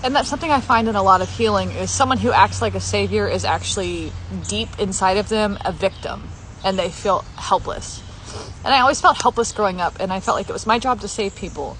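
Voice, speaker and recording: A woman's voice: mid-range voice, a little fast, fairly bright tone, a little hiss or hum, rough recording. A woman sharing a personal healing story and speaking heartfelt, repeated affirmations straight to her viewers. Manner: heartfelt, repetitive affirmations, tearful at times. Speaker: healing content creator. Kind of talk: emotional personal sharing to camera.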